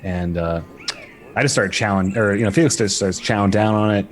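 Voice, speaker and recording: Low-voiced man describing his character. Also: brisk. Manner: rambling, many fillers. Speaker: player. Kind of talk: casual tabletop game talk.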